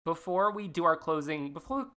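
A woman co-hosting a casual podcast, giggly and animated as she leads the chat. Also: low-pitched, normal speed. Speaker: podcast co-host.

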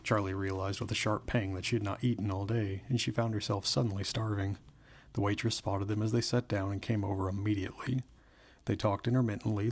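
Guy reading a novel out loud, low voice, gravelly and husky. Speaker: narrator. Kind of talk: scripted narration of a novel.

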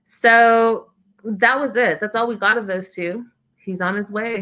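A woman's voice: mid-range voice, steady tone, measured pace, a bit bright. A woman giving a casual, opinionated recap of a reality TV show, stressing points by repeating words.

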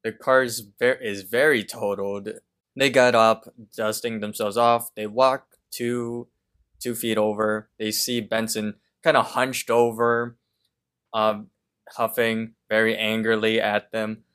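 A man co-hosting a podcast, calmly retelling a cartoon episode scene by scene with small fillers. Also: fairly low pitch, clean tone. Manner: slow, measured retelling with fillers. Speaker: podcast co-host. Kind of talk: casual episode recap.

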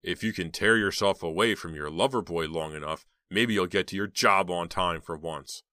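A man's voice: moderate pace, bright, forceful tone, dry recording, clean studio sound. A man doing a scratchy, scolding uncle. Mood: angry, scolding. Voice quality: scratchy, high-pitched. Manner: angry, scolding. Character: harsh, controlling middle-aged uncle.

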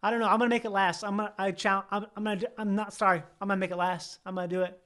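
Man, high voice, rambling, restarts sentences, casual chat. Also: level tone, very fast, sharp tone. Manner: rambling, self-correcting, laughing.

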